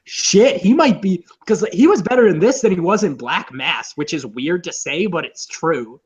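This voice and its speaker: A young man co-hosting a casual movie podcast, rambling, profane and excitable. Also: high voice, moderate pace, muffled recording. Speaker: podcast co-host.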